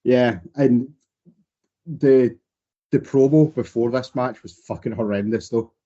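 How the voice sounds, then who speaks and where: Mellow young man, muffled mic. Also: mid-range voice, unhurried. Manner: agreeable, short replies, swears. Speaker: podcast co-host. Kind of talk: casual wrestling chat.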